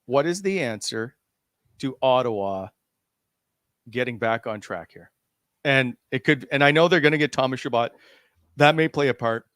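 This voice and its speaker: A man's voice: medium pitch, normal speed, long pauses, a bit bright, smooth, no echo, studio quality. A man hosting a hockey talk show, leading the discussion and putting questions to the other panelists. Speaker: sports talk show host.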